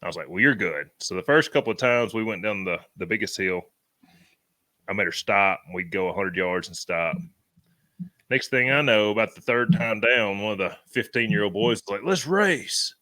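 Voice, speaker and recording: A man, co-hosting a podcast and telling animated stories in rural slang. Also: lowish voice, normal speed, dry recording. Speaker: podcast co-host. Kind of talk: casual storytelling chat.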